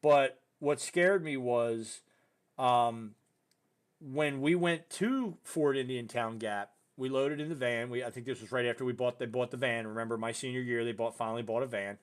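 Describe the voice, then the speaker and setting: A young man hosting a podcast, telling a story in loose casual chat and jumping his voice up high when he quotes people. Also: normal speed. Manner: animated, voice jumps high when quoting people; loose, filler-heavy talk with "dude" and "you know". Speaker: podcast host.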